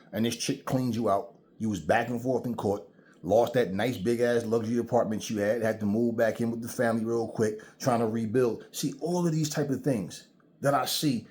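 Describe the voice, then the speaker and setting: A man with a mid-range, darkish voice runs his own channel and delivers a casual ranting monologue. He preaches bluntly and profanely about relationships and shares stories.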